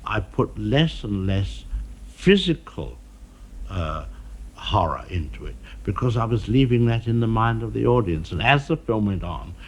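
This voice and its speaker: A man being interviewed in an archival television conversation, speaking in a measured, dryly witty way, pausing often with "uh". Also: fairly low pitch, big pitch swings. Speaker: film director being interviewed.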